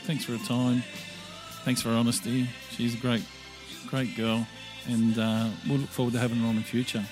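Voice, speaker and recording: A man with an Australian accent hosting a podcast, chatting in a relaxed and easygoing way with his guest. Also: medium pitch, normal speed, music in the background. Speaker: podcast host. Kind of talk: casual interview chat.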